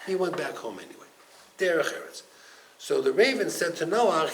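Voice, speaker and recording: Rabbi guy teaching torah, real animated, voice jumps around a lot. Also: a little high, normal speed, slight background noise, rough recording. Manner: animated, acts out the stories in quoted voices. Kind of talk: animated Torah class storytelling.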